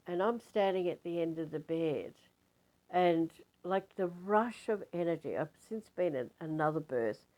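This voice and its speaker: Older woman, low-pitched, casual storytelling, rambling, animated. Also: poor audio. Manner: rambling, animated retelling with fillers. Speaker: spiritual teacher.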